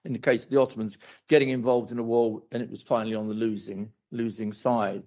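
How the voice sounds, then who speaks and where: A male academic answers a question at a university talk, speaking quickly in a level, medium-pitched, slightly mellow voice. He rambles with lots of asides and repeated phrases, captured on a dull lo-fi recording.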